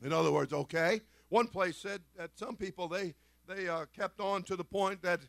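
A man preaches a fervent church sermon in a strikingly high voice. He drives his points home by repeating short phrases and punctuating them with amens. The recording is dry and close, with almost no room sound. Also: normal speed, creaky, a bit bright, no room sound. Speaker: pastor.

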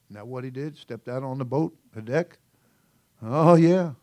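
A man's voice: mid-range voice, normal speed, darkish tone. A male senior pastor preaching a sermon in a folksy, joking way, often laughing and calling out "oh, brother.".

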